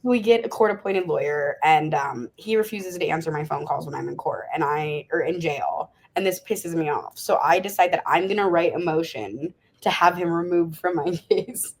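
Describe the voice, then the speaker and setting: A woman in her thirties tells a candid story as a podcast guest, often breaking into laughter. Her voice is husky and breathy. It sits on the lower side for a woman. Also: moderate pace, hardly any pauses. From Las Vegas, USA. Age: 30s. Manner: laughing often through a frank, animated story.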